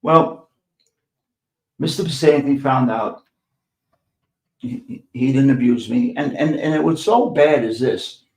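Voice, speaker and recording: A man's voice: mid-range voice, a little slow, pauses often. New york guy, older, swears a lot, sarcastic, repeats himself, echoey room. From New York City. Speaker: podcast host. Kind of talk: profane storytelling monologue.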